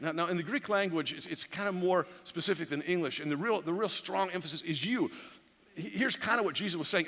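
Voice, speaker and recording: A man preaching a sermon as a pastor, animated and full of repeated words and restarts. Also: high voice, a little fast, creaky, long reverb tail. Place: church sanctuary.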